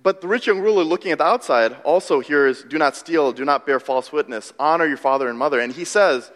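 A man preaching a sermon as pastor, telling stories in an animated, self-deprecating way. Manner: animated, self-deprecating storytelling with quick shifts in pitch. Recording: long hall reverb.

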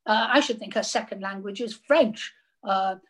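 An older woman, a radio actress, telling lively anecdotes in casual chat and laughing often. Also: medium pitch, normal speed.

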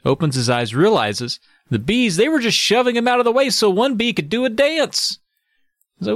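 A man's voice: sits high, very animated, moderate pace, a bit bright, dry recording, studio quality. A man co-hosting a podcast, recapping a book's plot in loose, profane casual chat with little sound effects. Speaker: podcast co-host.

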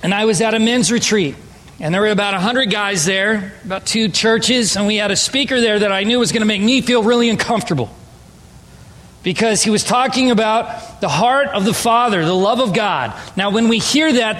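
High-voiced pastor preaching in a reverberant hall. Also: male voice, fairly bright tone. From Southern California. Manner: conversational, playful with audience. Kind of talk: sermon. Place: church sanctuary.

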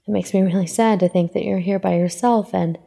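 Woman voicing an earnest young heroine, emotional, higher and louder, gravelly, long reverb. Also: fairly even intonation, brisk. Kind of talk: fan fiction reading.

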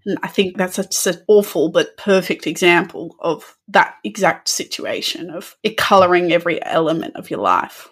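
A woman's voice: on the low side, expressive, normal speed, few pauses, fairly bright tone, breathy edge. A woman hosting a podcast interview, empathetic and reflective, with an easy giggle. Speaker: podcast host. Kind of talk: casual interview chat.

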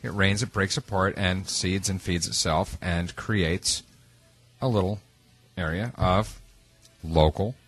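Man, radio co-host, low husky voice, bright tone. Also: steady tone, slow, dry recording, faint music behind. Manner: joking, restarts often. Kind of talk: casual radio banter.

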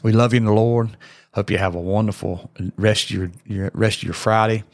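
A man's voice: lowish voice, fairly even intonation, fairly quick, no echo, clean studio sound. A man, hosting a podcast and preaching in an earnest, folksy, repetitive way with many fillers. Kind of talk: sermon-style podcast talk.

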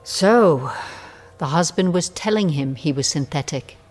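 A woman playing a brisk low-voiced technician. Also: lively intonation, darkish tone. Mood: businesslike. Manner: brisk, crisp commands. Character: brisk female technician, businesslike.

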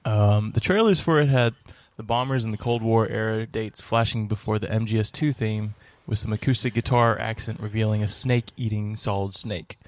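A man's voice: lowish voice, fairly even intonation, normal speed, hardly any pauses. Mild-mannered man reading listener mail. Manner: mild-mannered, avoids swearing. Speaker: podcast co-host. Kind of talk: casual chat, reading listener mail aloud.

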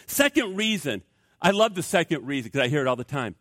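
Animated, high-voiced male pastor preaching. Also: fast, no echo, studio quality. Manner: emphatic, repetitive, stammering restarts, acts out quoted people. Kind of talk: animated sermon.

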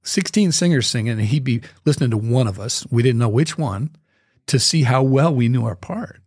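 Brief: male guest musician, mid-pitched, animated storyteller, dry close sound. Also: normal speed, slightly rough, no echo. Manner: lively storyteller, scats out the rhythms. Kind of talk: storytelling interview.

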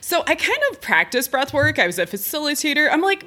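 A woman's voice: high voice, sing-song, normal speed, few pauses, bright, forceful tone. A young adult woman hosting a podcast, telling a personal story in a chatty way, laughing often and filling her talk with "like". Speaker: podcast host and breathwork facilitator. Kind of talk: casual storytelling monologue.

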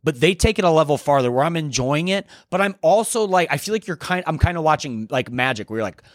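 A young man hosting a solo podcast, chatting in a rambling, profane, excitable way. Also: a little high, fast talker, no echo, studio quality. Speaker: podcast host. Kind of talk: casual solo podcast chat.

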